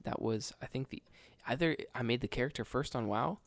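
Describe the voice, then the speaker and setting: A man's voice: medium pitch, fairly quick, dry recording. A man co-hosting a podcast, talking in a laid-back, slangy way with many hesitations. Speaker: podcast co-host. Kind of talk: casual chat.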